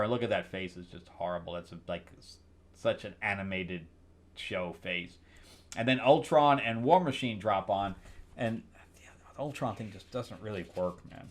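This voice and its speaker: A man hosting a casual comic book recap, sarcastic and rambling, with many restarts. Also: mid-range voice.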